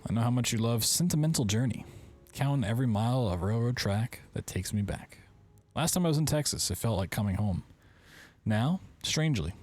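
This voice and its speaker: A man's voice: on the low side, a little mellow. A man hosting a game playthrough, reading in-game letters aloud and breaking off with wry, joking asides. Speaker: gaming video host.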